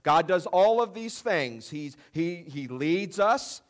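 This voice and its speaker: A man's voice: sits high, animated, takes it slowly. A man preaching a sermon in a conversational way, often saying "you know" and leaning hard on key phrases. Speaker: pastor.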